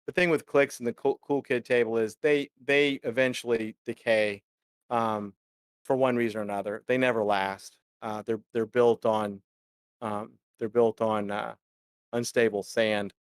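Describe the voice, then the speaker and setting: A man's voice: mid-range voice, steady tone, measured pace, smooth, dry recording, clean studio sound. Rambling male live stream co-host. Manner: rambling, lots of fillers. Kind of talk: casual live chat.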